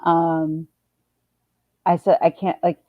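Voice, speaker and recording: A woman's voice: fairly low pitch, flat delivery, slow, no echo. A middle-aged woman, chatting casually on a livestream, rambling with many restarts. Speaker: livestream host. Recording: dull, dry lo-fi sound.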